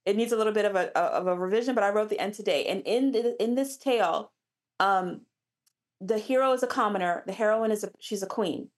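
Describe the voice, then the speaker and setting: A woman's voice: medium pitch, brisk. A woman romance author as an interview guest, chatting animatedly with frequent restarts. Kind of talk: casual interview chat.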